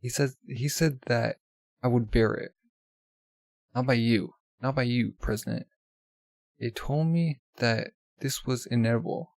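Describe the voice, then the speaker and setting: A man reading the lines of a frightened, tearful young woman from a comic, in a flat read-aloud manner. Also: mid-range voice, measured pace, gravelly, pauses often, no echo.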